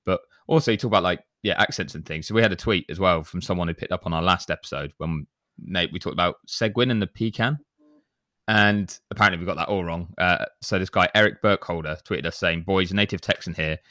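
A man's voice: sits low, fairly quick, pushed and bright, dry recording, studio quality. An English man hosting a podcast, leading the conversation and teasing his co-hosts. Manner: leads the talk, teasing. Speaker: podcast host. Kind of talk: casual chat.

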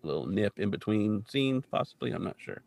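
A man co-hosting a podcast, recapping a TV episode in a chatty, animated way full of asides. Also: lowish voice, a little fast, gravelly, dry recording. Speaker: podcast co-host. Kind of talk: casual chat recapping a TV episode.

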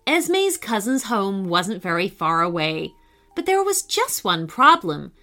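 A woman narrating a children's story in a lively, expressive reading voice. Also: mid-range voice, a little slow, faint music behind.

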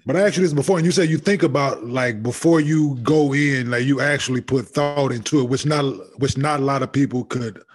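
A man's voice: mid-range voice, brisk, hardly any pauses. A man hosting a casual conversation, agreeable and laid-back, often laughing along. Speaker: podcast host. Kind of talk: casual chat.

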